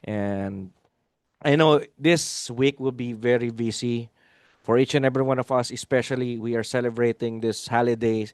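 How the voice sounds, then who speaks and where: A man's voice: medium pitch, steady tone, moderate pace, a little mellow, clean tone, dry recording, clean studio sound. Emphatic man hosting a webinar. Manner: emphatic and interactive, repeats key lines and asks viewers to type replies. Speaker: webinar host. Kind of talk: live webinar talk to an online audience. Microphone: video call.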